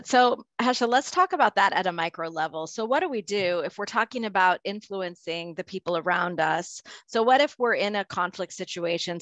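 A woman's voice: on the low side, a bit bright, dry recording, rough recording. A woman interviewer who asks her guest questions in a conversational way, with some fillers as she goes.

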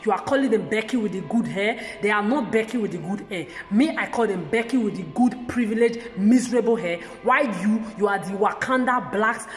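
Soft music sits under this agitated vlog, where a woman speaks to the camera in fairly quick, medium-pitched bursts with few pauses. Stammering restarts and repeated words mark her heated talk about the country she calls home and where she'll age. Long reverb from an echoey room colors the recording.

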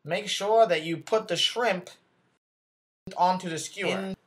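Comedy sketch: a man as a self-important, bumbling male news anchor, voice on the high side, rambling and flustered. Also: unhurried. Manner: rambling, flustered, corrects himself, talks back off-camera.

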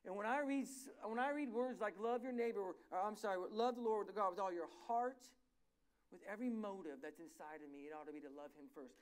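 A pastor preaching a sermon in a church, telling stories animatedly and often correcting himself mid-sentence. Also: male voice, high voice, fast talker. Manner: animated, self-correcting storyteller.

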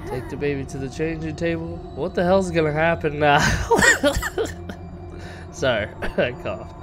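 A man's voice: a little high, normal speed, over music. A man hosting a casual game walkthrough, reacting with startled outbursts and mild swearing. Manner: excitable, jumpy, swears in surprise. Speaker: gaming channel host.

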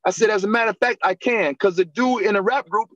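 A man, a guest actor and acting coach, telling animated stories in a casual interview, laughing and acting out the voices of people he quotes. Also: high voice, quick pace, no room sound, lo-fi sound.

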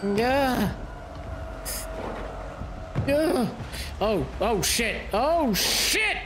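A man giving let's play commentary, excitable, yelping and groaning, swearing, with mock-dramatic asides. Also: very high-pitched, extremely slow, noisy background. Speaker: gaming YouTuber.

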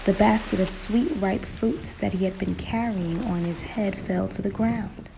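A woman narrating a folktale in a slow, emphatic storytelling manner, in a noisy recording. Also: medium pitch, fairly even intonation, creaky.

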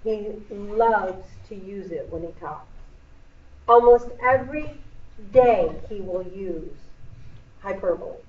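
A woman's voice: mid-range voice, slow pace, pauses often, recorded from a distance. Chatty woman teaching in an echoey classroom. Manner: chatty, explains patiently, playful asides. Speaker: middle school English teacher. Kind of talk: classroom lesson. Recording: echoey classroom recorded from afar, dull.

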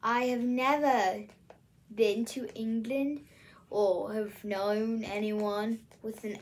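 A woman's voice: fairly high pitch, steady tone, takes it slowly. A woman from the US Midwest, hosting a casual solo vlog and rambling hesitantly with many fillers. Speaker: channel host.

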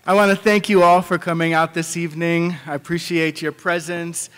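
A man telling a traditional story to a live audience, unhurried and animated, slipping into voices for the people in the tale. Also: on the high side, smooth. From Pacific Northwest, United States. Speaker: storyteller at a library event. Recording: long hall reverb.

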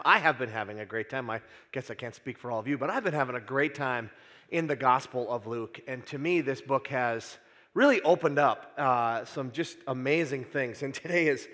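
A man's voice: on the high side, fairly bright tone. A man preaching a sermon as pastor, casual and joking, with frequent "uh" fillers. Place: church sanctuary. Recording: long church hall reverb.

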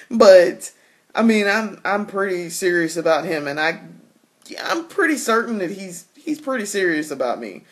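A woman talking candidly in a casual personal vlog, laughing often and restarting her sentences. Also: mid-range voice. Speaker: vlogger.

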